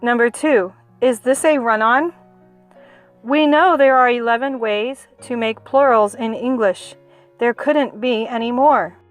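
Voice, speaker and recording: A woman with a fairly high voice reads a children's book aloud as a homeschool lesson. She speaks slowly and clearly, like a teacher, and talks directly to the learner. Faint music plays softly underneath. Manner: slow, clear teacherly reading.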